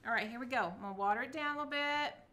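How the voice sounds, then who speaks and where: A woman's voice: a little high, racing, bright, forceful tone, a little hiss or hum. A middle-aged woman, chatting through a casual craft tutorial and cheering herself on as she works. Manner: chatty, self-encouraging, talks to viewers. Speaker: craft vlogger.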